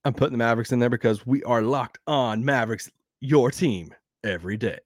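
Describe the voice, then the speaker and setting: A man with a Southern accent hosting a sports podcast, rambling and animated, laughing now and then. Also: medium pitch, fairly quick, dry recording, studio quality. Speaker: podcast host. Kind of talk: casual sports talk.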